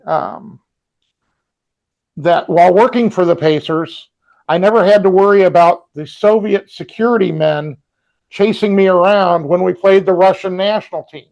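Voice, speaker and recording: A man's voice: sits high, gravelly, a little mellow, poor audio. A man co-hosting a podcast from home, telling rambling anecdotes in casual chat with frequent ums and restarts. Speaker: podcast co-host. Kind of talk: casual storytelling. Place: home with a robot vacuum running.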